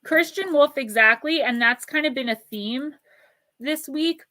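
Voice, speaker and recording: A woman's voice: sits high, bright, forceful tone. Chatty woman giving oracle readings. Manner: chatty and affectionate, reads cards aloud in a slow soothing cadence. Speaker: oracle card reader hosting a live stream. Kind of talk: casual live-stream oracle reading.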